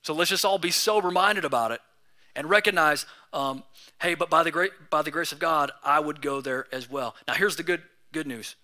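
A young male pastor delivering a sermon in a relaxed, chatty manner. His voice sits high and sounds very bright and forward. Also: moderate pace. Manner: casual, conversational preaching with slang.

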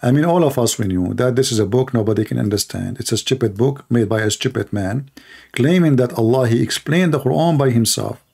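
A man's voice: medium pitch, a little fast, gravelly, darkish tone, slightly rough. A man hosting a live call-in stream, mocking and repeating his phrases as he talks to callers and the audience.

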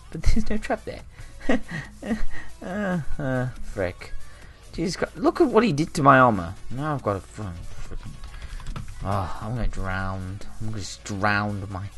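A young man talks through his own game as he plays, his fairly low voice leaping up in excited yells and dropping to mumbled asides. Faint game music plays behind him on a home desk mic. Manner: excitable, swings between loud outbursts and muttering asides. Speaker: gaming channel host. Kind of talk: live gameplay commentary.

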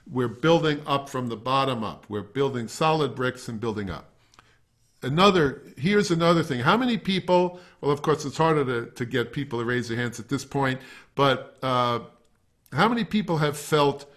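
Conversational man teaching breathing to a class. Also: mid-range voice. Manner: conversational, talks to a class and has them try breathing exercises. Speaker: wind instrument teacher. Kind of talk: masterclass lecture.

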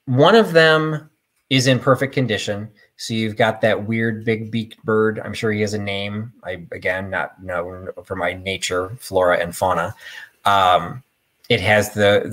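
A man's voice: lowish voice, fairly bright tone. A middle-aged man hosts a live sale in a chatty, rambling, self-deprecating way. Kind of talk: casual live-stream selling.

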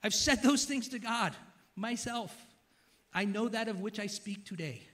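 A male pastor gives a casual, joking sermon, talking to the congregation like a friend. His voice sits high and sounds bright and forward. He uses slangy, conversational phrasing throughout. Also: measured pace.

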